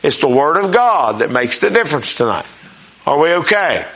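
A male preacher with a high, bright, forceful voice delivers a sermon. He talks in a folksy, down-home way and keeps checking in with his listeners. He slows right down to read scripture with weight. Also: sing-song. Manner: folksy, questioning the congregation often; reads scripture slowly and emphatically.

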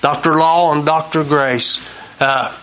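A man's voice: on the high side, fairly even intonation, slow, pushed and bright. A man hosting a Christian talk show, telling homespun stories in a folksy preaching manner and repeating his key lines for emphasis.

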